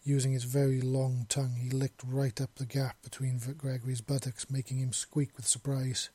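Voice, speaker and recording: Male narrator of a romance story with a dark, mellow, husky tone and an even delivery. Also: medium pitch, moderate pace.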